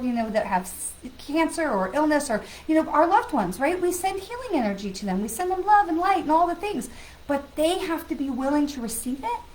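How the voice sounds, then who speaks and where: A woman's voice: on the high side, slight background noise, rough recording. A woman hosting a live stream as a psychic medium, chatting earnestly with viewers and greeting them by name. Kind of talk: casual live-stream chat.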